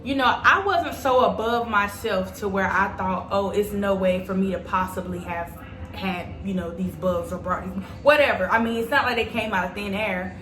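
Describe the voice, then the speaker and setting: A woman's voice: mid-range voice, moderate pace, a bit bright, slight background noise. Chatty young woman in an echoey room. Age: young adult. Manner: chatty, dramatic storyteller speaking straight to viewers. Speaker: vlogger. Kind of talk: storytime vlog.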